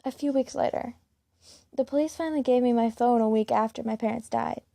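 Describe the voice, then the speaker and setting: Gravelly woman reading a story. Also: a little high, fairly even intonation, brisk, mellow, dry recording, studio quality. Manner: plain reading with small slips and restarts. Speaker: fan-fiction reader. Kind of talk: first-person story reading.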